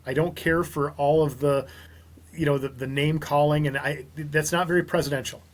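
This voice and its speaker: A man, a small business owner from Minnesota, talking as a podcast guest and telling lively stories with quoted dialogue. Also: fairly high pitch, normal speed. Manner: animated storyteller, quotes others in dialogue. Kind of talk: casual podcast conversation.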